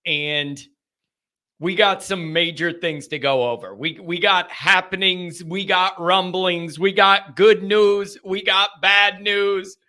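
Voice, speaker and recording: A man's voice: high voice, fairly even intonation, slow, sharp tone. A man hosting a live sports call-in stream, talking casually in an emphatic, rambling way and repeating himself. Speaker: sports call-in show host.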